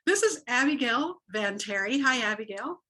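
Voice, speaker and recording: A woman's voice: fairly high pitch, lively intonation, normal speed, bright, forceful tone, poor audio. A woman author hosting a casual interview, friendly and encouraging toward her guest. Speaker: author, host.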